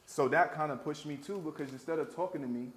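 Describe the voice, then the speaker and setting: A man's voice: a little high, fast talker. A man from New York, a guest in a candid conversation over a meal, speaking earnestly and often repeating words as he explains himself. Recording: roomy echo, faint background noise.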